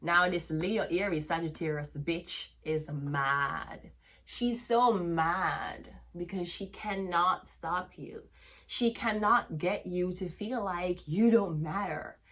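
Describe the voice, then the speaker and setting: A woman's voice: lowish voice, slow pace, a bit bright. A woman with a Jamaican accent giving a tarot reading as a brash, cursing rant that slips into patois. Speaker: tarot reader.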